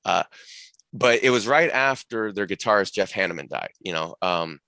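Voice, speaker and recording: Guy guesting on a podcast, rambling along with lots of restarts, bright voice, dry mic sound. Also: lowish voice, expressive, normal speed, dry recording. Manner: rambling storyteller, many restarts and asides. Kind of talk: casual conversation.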